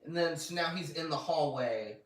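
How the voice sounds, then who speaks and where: Guy co-hosting a review chat, kinda high voice, swears a lot, acts out scenes, echoey room a bit off mic. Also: normal speed, distant mic. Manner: animated, acts out characters' lines, swears. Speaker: podcast co-host.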